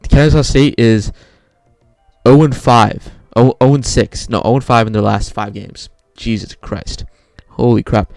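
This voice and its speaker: A man's voice: mid-range voice, moderate pace, vocal fry, a little mellow, no room sound, clean studio sound, faint music behind. A young man casually talking through his bracket picks, rambling and often correcting himself. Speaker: sports video creator.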